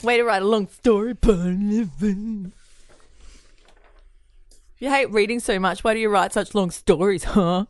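A woman co-hosting a podcast, teasing and swearing in casual banter with deadpan jokes. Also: medium pitch, a little fast, hardly any pauses, smooth, no room sound, clean studio sound. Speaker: podcast co-host.

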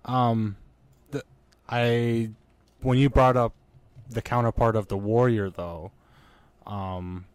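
A man's voice: medium pitch, steady tone, slow, long pauses, clear, resonant tone, dry recording. A man chatting casually about movies, rambling with many fillers and restarts. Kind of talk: casual podcast chat.

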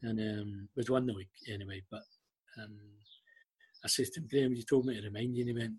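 A man's voice: lowish voice, steady tone, fairly quick, darkish tone, husky. An older man with a Scottish accent tells anecdotes in a casual interview and acts out the voices of the people in his stories. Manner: anecdotal, acts out quoted dialogue. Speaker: guest, former club liaison officer.

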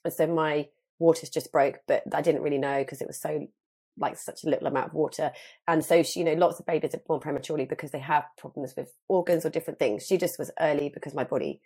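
A woman in her thirties, a guest telling a story in animated casual chat, full of fillers. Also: deep voice, fast, slightly rough.

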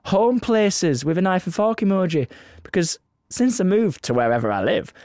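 Young dude on a podcast, bouncy lively voice, kinda high, dry close mic, joking around. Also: male voice, normal speed, no echo. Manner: playful, laughs often, slips into put-on voices. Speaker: podcast co-host. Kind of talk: casual chat.

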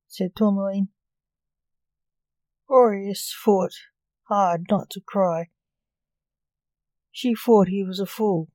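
A woman reads a short story aloud at an unhurried, measured pace. Her tone is soft and dark. The recording is close and dry. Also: mid-range voice, fairly even intonation, no echo, low-quality recording. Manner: slow, measured reading.

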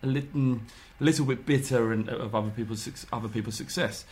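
A man's voice: medium pitch, steady tone, quick pace, darkish tone. A man hosting a podcast, chatting casually and rambling, often restarting his sentences. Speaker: podcast host. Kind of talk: casual chat.

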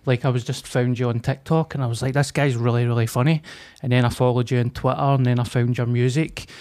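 A man's voice: mid-range voice, level tone, fast, a little mellow. A man hosting a podcast, chatting in a loose, joking way. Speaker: podcast host. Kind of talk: casual chat.

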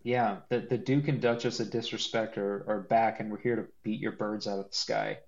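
A man co-hosting a podcast in casual chat, animated and joking, with a lot of laughing and restarts. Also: fairly low pitch, moderate pace, lo-fi sound. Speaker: podcast co-host.

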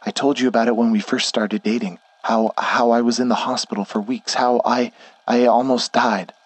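A man's voice: fairly low pitch, a little slow, husky, no echo, pitched above the performer's own voice. A man voicing a frightened, exhausted young woman who pleads urgently and stammers in a horror story reading. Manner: urgent, shaky, stammering pleas. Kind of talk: scripted horror narration.

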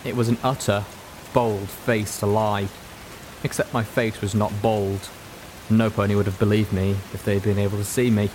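A man reads a story aloud in a measured, dramatic way. His voice is a little low. A faint hiss and soft rain sit under the narration. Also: level tone. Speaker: audiobook narrator. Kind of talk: scripted narration.

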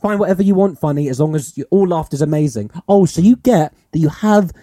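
A man's voice: fairly high pitch, animated, fast talker, warm tone, dry recording, clean studio sound. A man co-hosting a podcast in casual chat, rambling and musing with lots of fillers. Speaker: podcast co-host.

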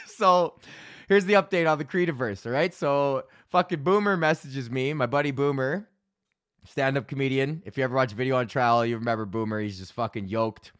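A man in his thirties hosting a podcast, ranting casually and profanely, telling animated stories with lots of laughs. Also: medium pitch, moderate pace, dry recording, studio quality. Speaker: podcast host.

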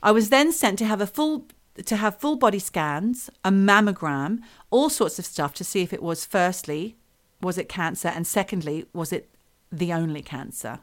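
Middle-aged woman chatting, tells stories all animated, swears a lot. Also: mid-range voice, normal speed. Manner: expressive storyteller, swears freely. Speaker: podcast co-host. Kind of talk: casual chat, reading a listener's story.

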